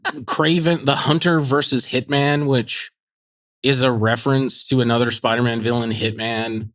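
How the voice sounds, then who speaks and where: Animated man ranting about a bad movie. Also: mid-range voice, normal speed, no room sound, studio quality. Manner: animated, laughing, mocking quotes. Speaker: podcast co-host. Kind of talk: casual movie review chat.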